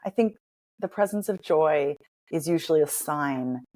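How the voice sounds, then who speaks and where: A woman dialect coach and author talking as a guest in a podcast interview, animated and emphatic, with playful asides. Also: sits low, a little slow.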